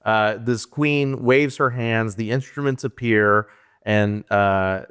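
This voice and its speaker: A man's voice: lowish voice, takes it slowly, fairly bright tone, clear, resonant tone. A man hosting a casual movie-review podcast, animatedly retelling the plot and laughing at it. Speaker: podcast host.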